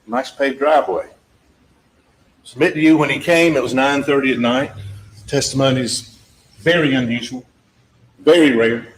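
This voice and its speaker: With a mid-range voice, normal speed, and long pauses, a man gives a courtroom closing argument to a jury as a trial attorney. He's emphatic and repetitive, addresses the jurors directly, and acts out witness exchanges, and the courtroom audio echoes with faint background noise.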